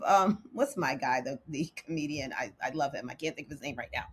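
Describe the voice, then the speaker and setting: A woman hosting her own show, talking candidly and with feeling, laughing often and slowing down to hit her emphatic points. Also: extremely low pitch, slightly rough. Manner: candid and animated, laughs often, slows down to punch emphatic lines. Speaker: host. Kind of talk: casual talk to camera.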